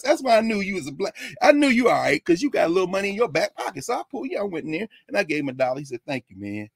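An older man from Tennessee telling a personal story in a lesson, animated and acting out the people he quotes. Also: on the high side, slightly rough, dry recording, studio quality. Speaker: lecturer.

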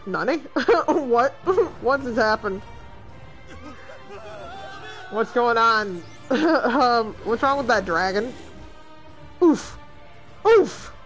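Female let's-play streamer, excitable and laughing, very animated pitch over soft game music. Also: drawn-out words, long pauses. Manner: excitable, exclaims and laughs often. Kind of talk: gaming commentary.

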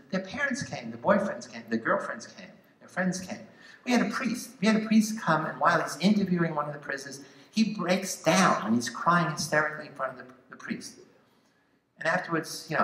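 An older man speaking to students as a guest speaker, telling a story in a lively way and acting out the voices he quotes. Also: fairly high pitch. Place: large theatre hall. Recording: echoey hall sound.

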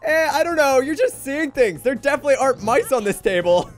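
Man putting on a dismissive picnic-goer, high voice, oblivious in a game video. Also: expressive, brisk.

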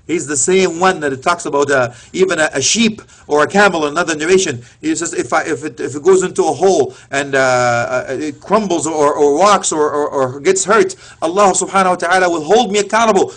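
A man's voice: a little high, a bit bright. A man giving an emotional Islamic lecture, retelling stories with passion and sprinkling in Arabic phrases. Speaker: preacher.

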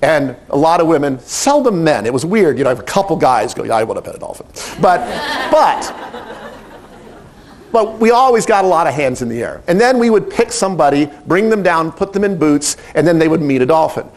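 A middle-aged man who directs animal training, telling a story in a lively, animated way and acting out the quotes. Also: on the high side, a little fast, few pauses. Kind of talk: storytelling talk.

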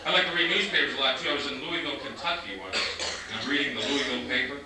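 A man doing a stand-up comedy set on a club stage, telling stories in a deadpan way and slipping into mock voices for other people. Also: mid-range voice, rapid-fire, a crowd in the background. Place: comedy club stage before a live audience. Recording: echoey 1990s club recording from a distance, noisy. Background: audience laughter.

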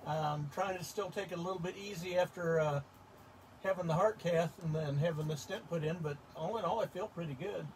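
A man joins a casual livestream off to the side, greeting viewers by name and answering their comments. His voice is unusually high for a man. Faint hiss hangs in the background. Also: brisk, recorded from a distance, rough recording. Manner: friendly, reads out and greets viewer names. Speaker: co-host reading viewer comments.

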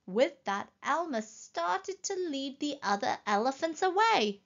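A woman reading a children's story aloud in a slow, gentle, expressive way. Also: sits high, muffled recording.

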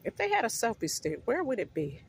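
A woman's voice: a little high, huge pitch swings, a little fast, vocal fry, slight background noise. Breathless woman vlogging on her phone. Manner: chatty, affectionate, addresses viewers as you guys. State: out of breath from walking. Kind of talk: casual vlog chat to viewers. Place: outdoors walking, then inside a discount store. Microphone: phone held in hand.

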